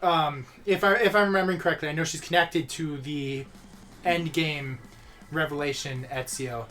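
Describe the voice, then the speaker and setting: A co-host in a casual gaming chat, knowledgeable and quick in bursts. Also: medium pitch, steady tone, fairly bright tone.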